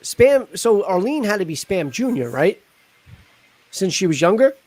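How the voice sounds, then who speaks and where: A man's voice: sits high, big pitch swings, a little slow, darkish tone. A man hosting a casual live stream chat, joking and rambling with plenty of fillers. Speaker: host.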